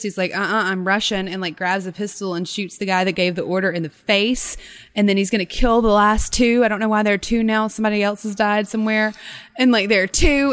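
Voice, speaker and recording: A woman co-hosting a podcast who retells a horror story in a casual way, with lots of "like" fillers. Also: mid-range voice. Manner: animated retelling with many "like" fillers. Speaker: podcast co-host.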